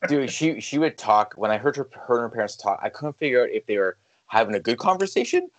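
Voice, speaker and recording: A man's voice: medium pitch, very animated, a little fast, low-quality recording. A young man chatting casually as a podcast co-host, rambling, swearing and mumbling. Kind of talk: casual chat.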